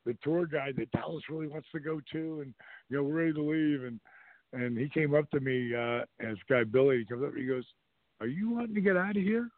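Animated storytelling man on a tinny line. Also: medium pitch, a little fast, dry recording. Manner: animated anecdote-telling, acts out voices in quotes. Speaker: show host. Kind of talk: casual storytelling on a radio show. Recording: dry, phone-like narrow sound.

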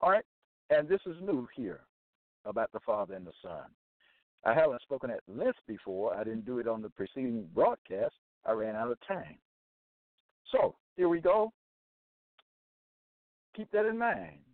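A man's voice: mid-range voice, sing-song, normal speed, pauses often, dry recording. Emphatic preacher man on a tinny line. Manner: emphatic, repetitive, frequent "okay?" check-ins. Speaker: religious broadcast host. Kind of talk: preaching Bible commentary. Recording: tinny phone-line sound, dry.

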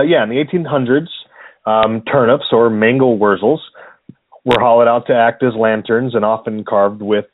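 A man's voice: lowish voice, no room sound. A man co-hosting a podcast in casual chat, easygoing and hesitant, with many filler words. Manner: hesitant, lots of ums, easygoing. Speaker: podcast co-host. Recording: dry, phone-like narrow sound.

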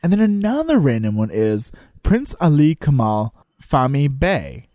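Joking podcast co-host, lively voice. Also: medium pitch, no room sound, studio quality. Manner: joking, quick reactions and asides. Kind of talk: casual chat.

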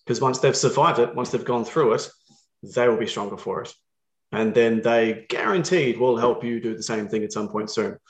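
A man hosting a conversation, speaking thoughtfully and in a measured way. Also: mid-range voice, echoey room, rough recording. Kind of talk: casual conversational chat.

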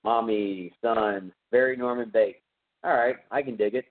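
A man with a Texan accent, hosting a podcast and casually recapping a horror film in a rambling, animated way, slipping into quoted voices. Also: medium pitch, unhurried. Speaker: podcast host. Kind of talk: casual movie recap chat. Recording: tinny phone-like sound.

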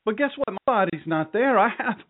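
A man's voice: sits high, expressive, a little fast, narrow, tinny audio. A man preaching a sermon to a live audience, folksy and joking, rambling through stories between laughs. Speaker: pastor.

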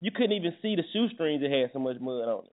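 A morning show host with a fairly high-pitched, very animated voice talks fast. He rambles and jokes through a casual radio chat with many restarts, heard over tinny, phone-like audio with faint music.

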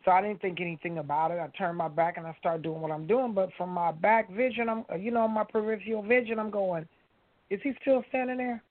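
A woman's voice: lowish voice, fast talker, few pauses, dry recording. Woman telling a faith story over a phone-line sound. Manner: earnest, storytelling, addresses listeners as you guys. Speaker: radio show guest. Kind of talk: casual faith testimony.

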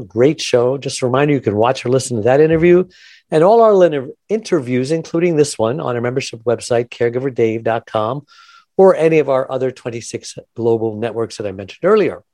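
Man, podcast host, radio-style, enthusiastic, chatty, mid pitch, dry close mic. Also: warm tone, no echo. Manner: enthusiastic, chatty, laughs often. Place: Los Angeles.

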